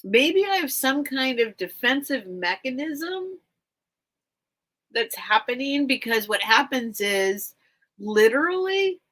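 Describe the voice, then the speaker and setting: A woman's voice: high voice, big pitch swings, slow pace, fairly bright tone. A woman hosting a live online vintage sale from home, rambling and chatting straight to her viewers. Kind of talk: casual live-stream chat.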